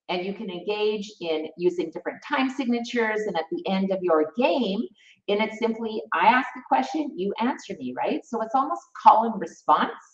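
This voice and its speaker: A woman teaching music theory in a live stream, chatty and encouraging, reading out viewers' comments as she goes. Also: medium pitch. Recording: roomy, distant, slightly dull mic.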